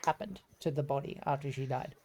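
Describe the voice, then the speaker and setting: A woman running a tabletop game as game master, chatty and quick with asides. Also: very deep voice, dark tone, a little hiss or hum.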